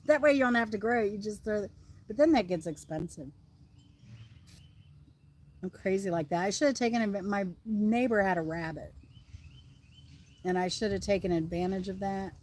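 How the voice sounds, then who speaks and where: A woman's voice: mid-range voice, normal speed, pauses often, a little mellow. A middle-aged woman with a Southern American accent, chatting casually and rambling on a livestream while outdoors. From Southern United States. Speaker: livestream host.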